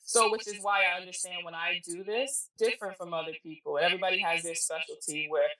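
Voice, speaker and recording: A woman tells stories in a casual, blunt, animated way, with casual swearing. Her voice sits a little low yet sounds bright. She is recorded from a distance in an echoey room. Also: fast talker. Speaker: podcast guest, spiritual reader. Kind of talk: casual storytelling interview.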